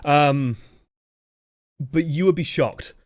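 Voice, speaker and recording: Young man, game coach, fast projected delivery, casual swearing, very dry close sound. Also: on the high side, a little mellow, no echo. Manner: talks fast. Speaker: game coach reviewing footage. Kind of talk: live-streamed gameplay review commentary.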